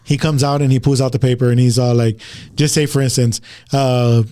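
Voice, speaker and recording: A man's voice: mid-range voice, little pitch movement, fairly quick, hardly any pauses, dark tone. A man hosting a casual talk show, telling a story to listeners in a rambling way, often repeating words and starting over. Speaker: podcast host.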